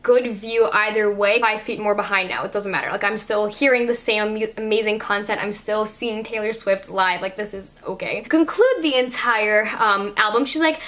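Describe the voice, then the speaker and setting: A woman's voice: mid-range voice, normal speed, hardly any pauses. A young woman vlogger telling a story in a casual, gushing way, full of "like" fillers. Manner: gushing, excited, constant "like" fillers.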